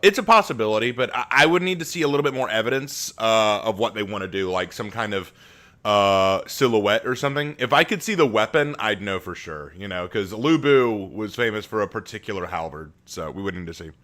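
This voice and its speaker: A man's voice: fairly low pitch, animated, fairly quick, fairly bright tone. A man hosting a casual live stream from home, chatting with viewers and reading their messages aloud.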